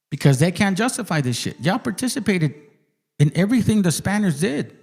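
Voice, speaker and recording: Brief: profane, swaggering male host, higher-pitched voice, arguing hard on a stream and reading text aloud. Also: big pitch swings, fairly quick, vocal fry, darkish tone. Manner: claims he talks like this without getting mad. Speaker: channel host. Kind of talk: heated livestream argument, reading passages aloud.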